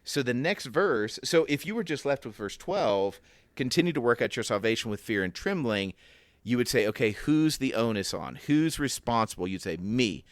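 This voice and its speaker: A man's voice: mid-range voice, big pitch swings, moderate pace, dry recording. A man co-hosting a casual Bible discussion podcast, thinking aloud and acting out the questions in his head. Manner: reflective, thinks aloud with restarts and acted inner questions. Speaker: podcast co-host.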